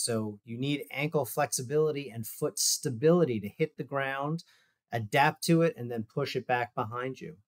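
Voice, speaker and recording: A man, a physical therapist, giving a loose, conversational talk over a video call while walking through exercise videos, with fillers and asides. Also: medium pitch. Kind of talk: casual presentation over shared screen.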